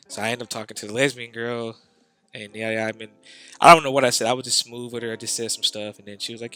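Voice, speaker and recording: Casting: young male vlogger, bright forward tone, rambling slangy storyteller, dry room, faint music. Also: medium pitch, fairly even intonation, quick pace, no room sound. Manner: rambling, filler-heavy, slangy. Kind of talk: casual storytelling.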